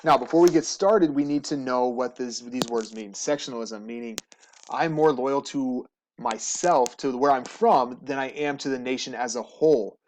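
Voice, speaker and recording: A man teaching history, giving a relaxed, joking slideshow lecture to students. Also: medium pitch, normal speed. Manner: casual, jokey, asks students questions. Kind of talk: recorded classroom lecture over slides.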